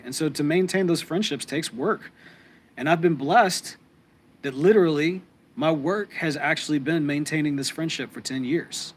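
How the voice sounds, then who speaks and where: A man's voice: on the high side, slight background noise. Rambling, heartfelt man with a drawl. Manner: rambling and heartfelt, many fillers and restarts. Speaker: podcast co-host. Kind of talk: casual live-stream chat with viewers.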